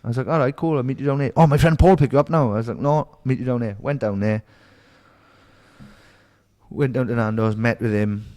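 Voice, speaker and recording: A man's voice: medium pitch, a little fast, long pauses, a little mellow. A middle-aged man with a Welsh accent from Merthyr Tydfil, a podcast guest telling stories in casual chat, swearing freely and acting out the voices of people he quotes. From Wales.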